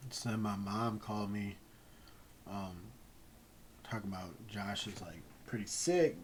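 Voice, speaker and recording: A man telling a personal story in a casual, rambling way, halting often and swearing freely. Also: fairly low pitch, darkish tone, slight background noise, low-quality recording. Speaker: gaming channel host.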